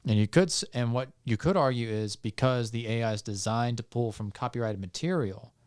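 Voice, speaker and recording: A man, a podcast guest, calmly explaining legal points step by step with frequent fillers and restarts. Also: medium pitch, a little fast, clear, resonant tone. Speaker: podcast guest on music law. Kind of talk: explanatory casual talk.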